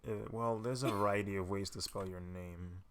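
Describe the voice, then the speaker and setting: A young man hosting his channel, chatting casually and quietly with a dry sense of humor while he draws. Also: on the low side, fairly even intonation, normal speed. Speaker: channel host. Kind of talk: casual chat while drawing.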